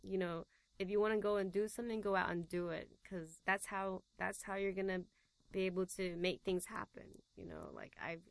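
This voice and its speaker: A woman from Taiwan, a guest in an interview, speaking casual English with a British tint and many relaxed fillers. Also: mid-range voice, moderate pace, vocal fry, no room sound. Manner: relaxed, chatty, with fillers and laughs.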